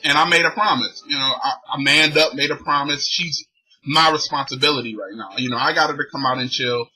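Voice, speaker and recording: A man's voice: mid-range voice, brisk, bright, forceful tone, breathy edge, faint music behind, low-quality recording. A young man vlogging, telling a long personal story in loose slangy talk and laughing as he goes. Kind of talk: casual storytelling.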